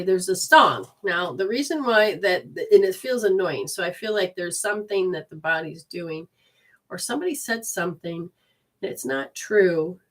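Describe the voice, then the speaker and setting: A woman giving live intuitive readings to viewers in a casual, rambling way, with many restarts and sudden quoted voices. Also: fairly low pitch.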